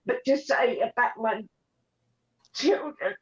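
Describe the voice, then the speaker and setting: A woman on a live panel, upset and tearful, talking haltingly with many ums and restarts. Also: a little high, dull audio. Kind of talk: emotional casual chat.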